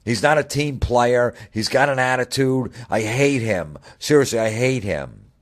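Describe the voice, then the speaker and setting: A man's voice: mid-range voice, lively intonation, measured pace, pitched above the performer's own voice, natural voice. A man voicing an irate male sports radio caller who rants about a quarterback. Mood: ranting. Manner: ranting, hostile.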